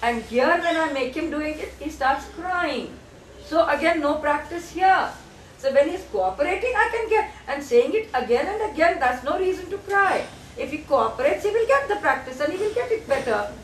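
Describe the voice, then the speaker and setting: A woman speech teacher drilling a child on syllables, firm and insistent, repeating words slowly. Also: sits high, lively intonation, a little hiss or hum. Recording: echoey room, mic far off.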